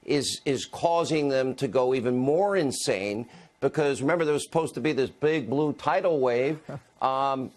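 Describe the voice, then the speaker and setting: A man hosting a cable news interview, opinionated and combative. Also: medium pitch. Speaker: host.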